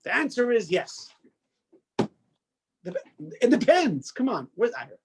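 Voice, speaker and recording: A man's voice: very high voice, very animated, a little slow, slight background noise. A man teaching a religious class in a loose, conversational way, often restarting sentences and putting questions to the students. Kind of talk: informal classroom lecture.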